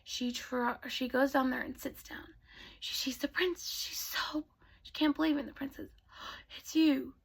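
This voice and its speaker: Woman, bedtime storyteller, soft, often whispering, husky, gravelly. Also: high-pitched, fairly even intonation, moderate pace.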